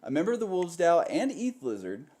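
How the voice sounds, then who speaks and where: A man's voice: a little high, huge pitch swings, fast, a little mellow. A man hosting a panel web show with upbeat show-host patter.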